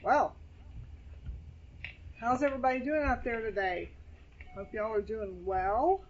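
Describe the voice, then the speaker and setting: A woman pastor, preaching a casual sermon in a chatty, animated way while seated at a table. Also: fairly high pitch, unhurried, slight background noise. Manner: chatty, animated, scripture quoting. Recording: dull lo-fi sound.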